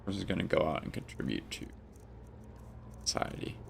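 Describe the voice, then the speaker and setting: Stuffy, gravelly man streaming a game. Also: sits low, animated, a little fast, a little hiss or hum. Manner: chatty, addresses chat. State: stuffy, congested. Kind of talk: live gameplay commentary.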